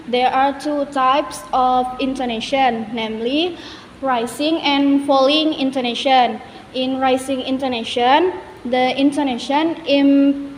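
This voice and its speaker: A young woman with a high voice gives a student presentation at an unhurried pace, careful and halting, with restarts. She sounds like she is in a hall with long reverb. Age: young adult. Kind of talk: classroom presentation. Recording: echoey hall, faint background noise.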